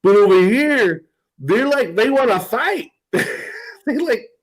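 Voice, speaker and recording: A man's voice: very high voice, expressive, takes it slowly, poor audio. A man hosting a podcast, chatting casually in a profane, rambling way and laughing often. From United States. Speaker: podcast host. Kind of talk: casual chat.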